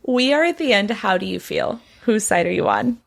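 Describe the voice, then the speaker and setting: A woman's voice: medium pitch, moderate pace, gravelly. A woman hosting a podcast, telling a gossip story in casual chat and acting out the people in it. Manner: animated, acts out quoted people with bright voice jumps.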